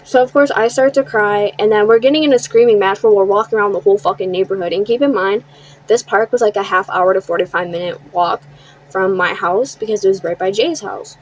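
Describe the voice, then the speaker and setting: A woman's voice: mid-range voice, low-quality recording. A young woman telling a personal storytime in a casual, blunt way, swearing freely and acting out what others said. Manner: blunt and profane, quotes others in quick asides. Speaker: storytime vlogger.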